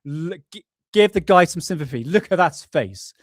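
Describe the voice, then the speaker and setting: A man's voice: a little high, lively intonation, normal speed. A man casually hosting a live stream, rambling, apologizing often and swearing offhandedly. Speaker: livestream host.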